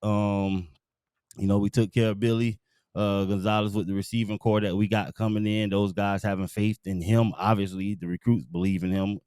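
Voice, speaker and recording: A man with a very low, smooth, resonant voice, talking sports as a show guest. He speaks loosely in slang, with lots of fillers and pauses. The sound is close and dry. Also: level tone, darkish tone, dry recording. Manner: laid-back slang, many fillers. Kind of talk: casual sports talk.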